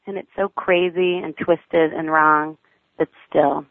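A woman's voice: low-pitched, fairly even intonation, slow pace, no echo. A mother reading aloud her personal diary essay in a wry, affectionate, plain manner. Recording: tinny phone-like line, dry.

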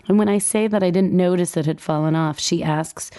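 A woman's voice: moderate pace, gravelly. A woman reading her own first-person essay in a wry, dryly humorous way. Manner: acts out dialogue with lively pitch jumps. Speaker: writer reading her own blog entry.

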